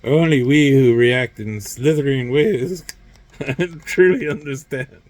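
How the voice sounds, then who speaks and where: A man's voice: medium pitch, slow, a little mellow, a little hiss or hum, pitched above the performer's own voice, natural voice. A man voicing a condescending, scheming elite who sneers and congratulates himself. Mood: smug.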